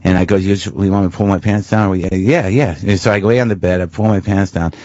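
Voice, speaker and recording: A man's voice: sits low, fairly even intonation, fast, darkish tone, no room sound. A man telling candid, self-mocking stories as a comedian guest on a talk show, with frequent restarts and swearing. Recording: dull lo-fi radio broadcast.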